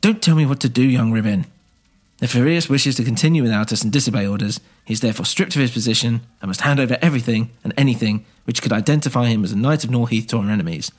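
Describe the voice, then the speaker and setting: A man's voice: mid-range voice, quick pace, natural voice. A man voicing a cold, rule-bound knight commander who speaks curtly and commandingly in a scripted audio drama. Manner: curt, commanding.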